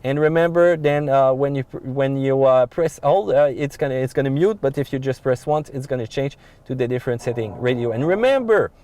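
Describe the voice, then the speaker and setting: A man's voice: medium pitch, brisk, hardly any pauses, darkish tone. A man with a French accent giving a casual walkthrough of a pickup's dashboard controls, loose and full of fillers. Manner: loose explaining with frequent uh fillers and restarts. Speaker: car reviewer. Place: inside a pickup truck cab.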